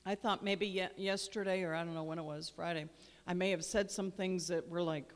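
In a church sanctuary, a female guest minister delivers a prayer and sermon with fervent, emphatic, repeated phrases. She speaks in a mid-range voice with a steady tone at a normal pace, and the large hall gives the audio a long reverb.

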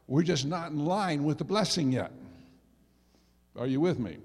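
A middle-aged male pastor preaching a sermon, dropping to soft asides and rising to loud emphasis. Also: a little high, animated, moderate pace. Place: church sanctuary. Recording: long reverb of a church hall.

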